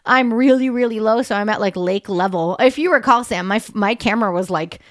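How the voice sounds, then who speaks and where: A woman's voice: mid-range voice, a little fast, no room sound, clean studio sound. A woman in her thirties, a dog photographer co-hosting a podcast in casual, rambling chat full of fillers. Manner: chatty, rambling with many fillers.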